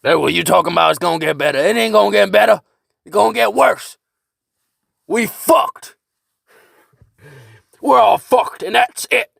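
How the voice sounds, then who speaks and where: A man voicing a crazed older male war veteran who rants, curses and shouts from his bunker. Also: high-pitched, moderate pace, creaky, long pauses, dry recording, clean studio sound, voice pushed up, heavily acted. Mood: ranting. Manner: ranting, cursing, shouting.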